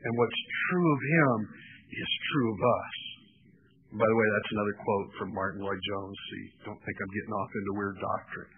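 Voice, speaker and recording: A man preaching a sermon with passion and a hoarse voice, stretching out key words. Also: fairly low pitch, steady tone, normal speed. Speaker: pastor. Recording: tinny phone-like line.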